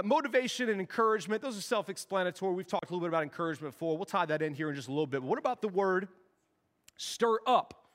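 A man in his forties preaches with a fairly high voice, and his words ring out with the long reverb of a large hall. He jokes through his sermon like a youth pastor, slipping into little acted-out conversations. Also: a bit bright. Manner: joking, storytelling, acts out dialogue.

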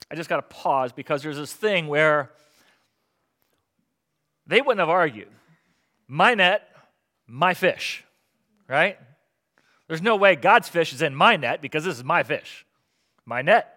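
Bright-voiced animated preaching pastor. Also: male voice, a little high, moderate pace, pauses often. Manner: animated, conversational preaching with rhetorical questions. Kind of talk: sermon.

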